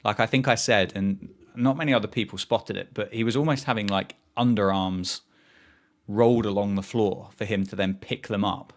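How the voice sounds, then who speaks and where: A man's voice: on the low side, fairly even intonation, normal speed. A man, hosting a live cricket watchalong stream, chatting casually, reading out viewers' messages and reacting to the play. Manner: chatty, reads chat aloud and reacts to play. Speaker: livestream host.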